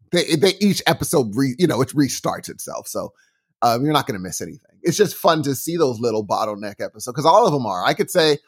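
A man co-hosting a podcast in casual chat, enthusiastic and acting out little quotes as he talks. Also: fairly high pitch. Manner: animated, enthusiastic, acts out quotes. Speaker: podcast co-host.

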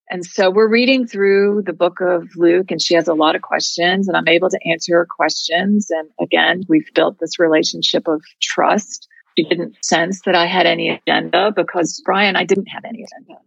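A woman's voice: on the low side, fairly even intonation, moderate pace, creaky, breathy edge, no room sound, highs cut off. A woman guest in an interview telling a story in an earnest, heartfelt way.

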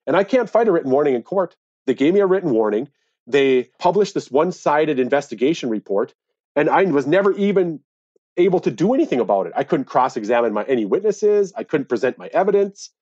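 A man's voice: medium pitch, a little mellow, dry recording. Guy in an interview, fired up telling his side, dry close sound, bit muffled. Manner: earnest, indignant when recounting. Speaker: interviewee, angler. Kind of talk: conversational storytelling.

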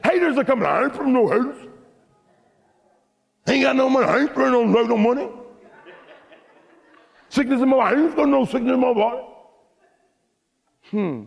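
A man preaching a sermon, building to shouted, rhythmic declarations. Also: very high-pitched, brisk, gravelly, pauses often. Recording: long hall reverb.

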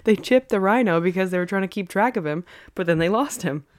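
A woman's voice: medium pitch, expressive, a little fast, no echo, clean studio sound. A woman hosting a podcast, telling a story in a chatty, casual way and laughing often. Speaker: podcast co-host.

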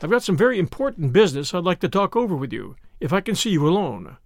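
A man's voice: high-pitched, very animated, quick pace, no room sound. A man reading aloud, voicing a brash young American millionaire who talks dryly. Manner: dry, drawling.

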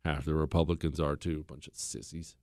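A man's voice: extremely low pitch, flat delivery, brisk, darkish tone, no echo, clean studio sound. A man hosting a talk show, giving an emphatic, blunt history monologue and repeating phrases for stress.

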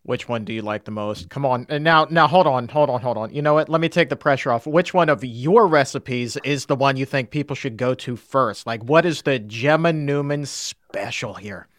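A man's voice: mid-range voice, normal speed, few pauses, a bit bright, no room sound, clean studio sound. An American man hosting a podcast interview, playful and upbeat with jokey asides. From United States. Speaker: podcast host. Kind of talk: casual interview chat.

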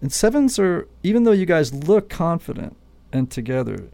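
A man with a gravelly edge to his voice walks through his ideas step by step, like a patient teacher. He keeps pausing to check that his guest is following along. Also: on the high side, very animated, mellow. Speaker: podcast host and Enneagram teacher. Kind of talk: explanatory interview talk.

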